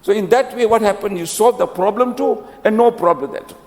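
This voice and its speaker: Guy preaching at a wedding in a mosque, talks fast, keeps repeating his points, big echoey hall. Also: high voice, darkish tone. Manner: exhorting, repeats key phrases, drops Urdu and Arabic words. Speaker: speaker giving a talk at a nikah ceremony. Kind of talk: wedding sermon with anecdotes and closing prayer. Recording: long mosque reverb.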